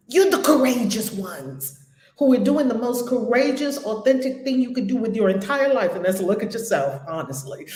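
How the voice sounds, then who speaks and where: A woman's voice: mid-range voice, echoey room. A woman hosting a spiritual group call, talking in an exuberant, preacherly way with frequent laughter and repeated phrases. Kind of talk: casual inspirational talk.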